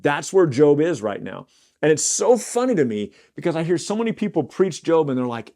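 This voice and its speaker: A man teaching a casual Bible study, explaining scripture in plain everyday words, sometimes pausing with fillers or correcting himself. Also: on the high side, sing-song, warm tone. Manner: occasional fillers and self-corrections.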